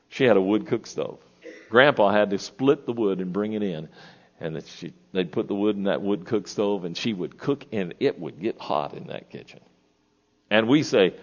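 A man's voice: medium pitch, highs cut off. A man in his sixties preaching a sermon in a church, folksy, often asking the congregation questions. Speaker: pastor.

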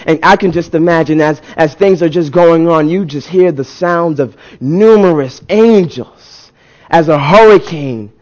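A man preaching with fervor, his voice sitting a little higher than most men's. He builds momentum through repetition and restarts, then rises to emphatic peaks as he calls his congregation to answer back. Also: a little slow, darkish tone, lo-fi sound. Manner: rising to emphatic peaks, call-and-response with the congregation; repeats and restarts words, builds intensity. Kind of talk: sermon.

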